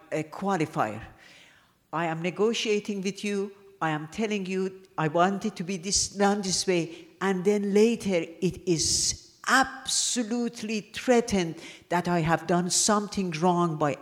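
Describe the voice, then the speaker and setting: A woman sharing at a support group meeting, measured and searching for words. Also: fairly low pitch, in a large hall.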